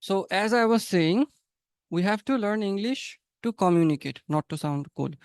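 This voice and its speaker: High, clear-voiced man teaching. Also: expressive, moderate pace, no room sound, clean studio sound. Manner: encouraging, repeats phrases, coaching tone. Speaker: English conversation teacher. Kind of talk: live webinar teaching. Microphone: video call.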